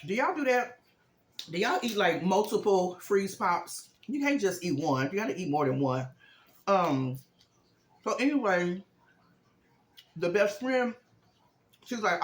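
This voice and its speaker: High-voiced man in a chatty recap. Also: expressive, moderate pace, pauses often, reverberant. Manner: chatty, rambling storyteller. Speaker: vlogger. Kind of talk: casual movie recap.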